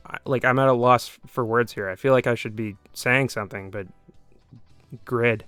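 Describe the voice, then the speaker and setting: Male comedic game commentator: smooth, dry voice, sarcastic, swears often. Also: medium pitch, a bit bright, dry recording. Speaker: gaming video host.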